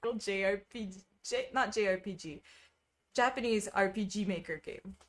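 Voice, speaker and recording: A woman's voice: mid-range voice, normal speed. A woman streaming casually, chatting with viewers while she stitches, full of wry asides and frequent laughter.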